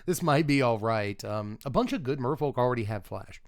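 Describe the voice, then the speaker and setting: A man's voice: mid-range voice, very animated, normal speed, few pauses, dry recording. Guy rating magic cards, laughs a lot, mid voice, dry close mic. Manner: chatty and self-amused, laughs often. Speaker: Magic card reviewer. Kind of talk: casual card review commentary.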